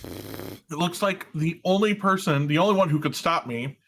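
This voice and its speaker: A man voicing a villain who vows to conquer a kingdom for his master, reading the lines slowly and plainly. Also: a little high, sing-song, gravelly, fairly bright tone, a little hiss or hum, exaggerated voice. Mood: declaiming. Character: power-hungry male villain serving a master.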